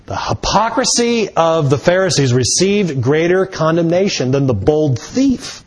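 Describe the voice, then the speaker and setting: A man preaching a sermon in a slow, deliberate way, stressing key words with rising emphasis. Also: fairly high pitch, lively intonation.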